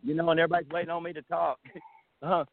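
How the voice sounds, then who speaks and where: A man with a Texan accent cracks easy jokes as he calls in to a show. His voice sits slightly high for a man and arrives over a thin, tinny phone line. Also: little pitch movement, racing, gravelly. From Texas. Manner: joking, easygoing. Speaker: caller. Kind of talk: casual call-in chat.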